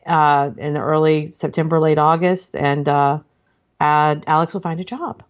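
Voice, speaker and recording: A woman's voice: low-pitched, fairly even intonation, moderate pace, smooth, muffled recording. A middle-aged woman, co-hosting a podcast and telling rambling family stories in casual chat. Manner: chatty storyteller, rambling with laughs and restarts. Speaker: podcast co-host.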